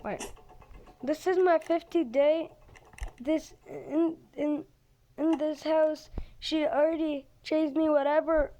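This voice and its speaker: A woman giving excited gameplay commentary, jumping between loud outbursts and hushed whispers. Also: high-pitched, slow, a little hiss or hum. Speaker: game player.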